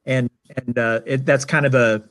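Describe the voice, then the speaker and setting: Guy explaining bible stuff, regular pitch, slow and kinda hesitant, lots of uhs. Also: fairly even intonation, fairly bright tone. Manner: measured, hesitant, many fillers. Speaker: Bible teacher answering questions. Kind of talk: informal teaching.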